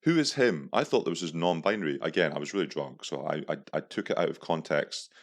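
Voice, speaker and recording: A young podcast host with a very deep voice tells a story at a quick pace. It's a casual monologue delivered as a crude, profane, comic rant.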